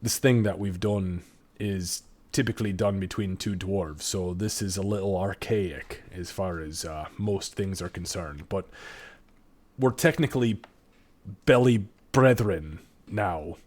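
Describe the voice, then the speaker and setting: A chatty, businesslike dwarf trader, as a man puts him on with a low voice. He talks earnestly and hesitates with little fillers. This is a tabletop game voice. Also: a little slow, darkish tone. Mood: warm farewell.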